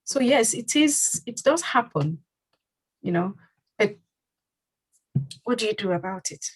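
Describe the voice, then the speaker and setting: Husky-voiced woman hosting a community talk. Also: on the high side, expressive, measured pace, poor audio. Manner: earnest, repeats phrases for emphasis. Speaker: community leader and host. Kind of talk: community panel discussion.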